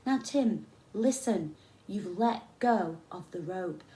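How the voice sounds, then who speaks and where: A woman's voice: mid-range voice, animated, takes it slowly, mellow. Encouraging, reassuring male climbing instructor, read by a woman from a storybook, echoey room. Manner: coaxing and reassuring.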